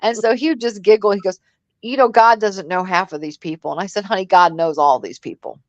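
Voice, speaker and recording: Co-hosting a live commentary stream, a sixty-something woman keeps the chat casual, blunt and sassy, swearing and acting out people's words. She talks briskly at a medium pitch, in a dry recording with the highs cut off.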